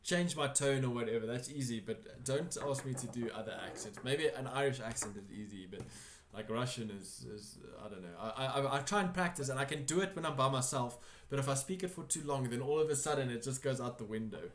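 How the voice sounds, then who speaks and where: A man's voice: medium pitch, a little fast, hardly any pauses, roomy sound, slight background noise. A man narrating a tabletop game as game master, in a casual, rambling way with many fillers.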